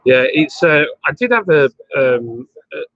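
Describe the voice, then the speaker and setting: A man hosts a casual live stream from a bottle shop bar, chatting loosely and greeting viewers. His pitch sits in the middle but swings about lively as he talks. The sound is dry and close, with dull lo-fi stream audio. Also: unhurried, dry recording.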